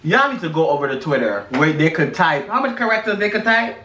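A man's voice: a little high, big pitch swings, a little fast, bright, forceful tone. Sassy man chatting, echoey room. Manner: sassy, peppers talk with "girl" and "honey". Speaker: vlog co-host. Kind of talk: casual chat while eating. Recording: roomy echo.

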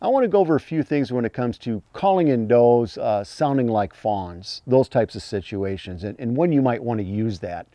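A man teaching hunting calls in a plain-spoken, folksy way, breaking into high imitated fawn cries as he explains. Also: lively intonation, moderate pace, hardly any pauses, warm tone, no room sound, clean studio sound. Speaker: hunting call instructor. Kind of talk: instructional talk.

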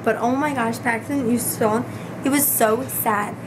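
Young mom w a hoarse worn-out voice rambling to her camera, kinda high pitched. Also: fairly even intonation, a little slow, background noise. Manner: chatty and rambling, with many asides. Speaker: family vlogger, mother of a baby. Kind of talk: casual vlog chat to camera. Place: at home. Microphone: handheld camera.

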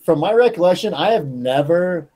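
Guest fighter, male, casual podcast storyteller; mellow tone, swears constantly, acts out voices. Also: high voice, normal speed. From Colorado. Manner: profane, animated storyteller acting out quotes.

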